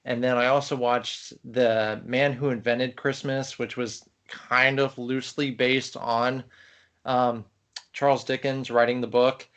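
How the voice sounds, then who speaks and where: A man co-hosting a podcast in casual, animated chat, talking with enthusiasm. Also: medium pitch, measured pace. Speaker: podcast co-host. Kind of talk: casual chat about films.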